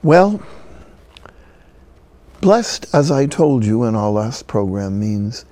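An older man, a Catholic friar and priest, delivers a broadcast sermon as measured storytelling with solemn pauses. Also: mid-range voice, very animated, mellow, no room sound.

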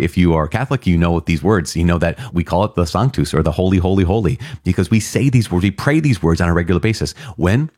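A man gives a Catholic sermon in a very deep voice, recorded dry and close with no room sound. He speaks earnestly and with animation, acting out short quotes and laughing at his own asides. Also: a little fast, few pauses, a little mellow, no echo. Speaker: Catholic preacher.

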